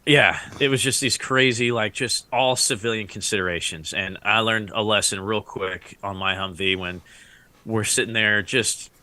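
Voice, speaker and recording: A man's voice: lowish voice, normal speed, bright, forceful tone. A man who served in the Iraq War, telling stories in a casual podcast chat. He rambles, laughs often and acts out what others said. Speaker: Iraq War veteran guest.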